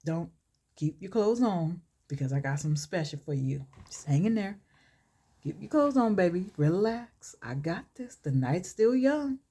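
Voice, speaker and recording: A woman's voice: lowish voice, very animated, moderate pace, dark tone, breathy edge. A woman voicing a laid-back romantic husband who coaxes his wife in a story she reads on a makeup vlog. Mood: coaxing. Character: adult man, smooth romantic husband.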